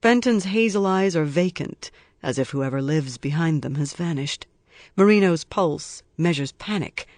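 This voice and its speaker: A man reading a crime novel aloud in even, measured scripted narration. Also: fairly high pitch, no room sound. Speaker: audiobook narrator.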